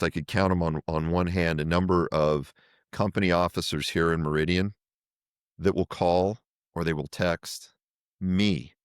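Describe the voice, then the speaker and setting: A man's voice: low voice, clear, resonant tone, dry recording, clean studio sound. A middle-aged fire chief talking in an earnest, thoughtful way in a podcast interview, often repeating words as he searches for his phrasing.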